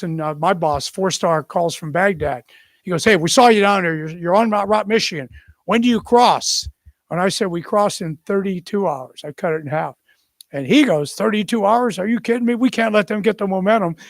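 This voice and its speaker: An older man, a retired general, telling an animated war story to a company audience, acting out the quotes and often restarting his sentences. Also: a little high, dry recording. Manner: animated anecdote with acted quotes, many restarts.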